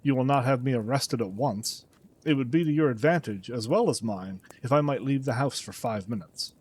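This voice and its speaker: A man's voice: medium pitch, normal speed, darkish tone, husky, close to an everyday voice. A man voicing a sullen, defiant young man refusing to explain himself to his father. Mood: pleading. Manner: proud, bitter, defiant.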